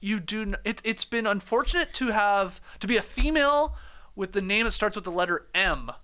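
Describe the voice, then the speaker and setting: High, lively man laughing through banter. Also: clear, resonant tone. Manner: laughs often, quick banter. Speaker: podcast co-host. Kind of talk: casual chat.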